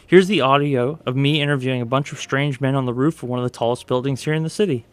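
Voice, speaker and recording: A man's voice: medium pitch, fast, clean tone, no room sound. A man hosting a late-night comedy radio show in a studio, with jokey, ironic banter.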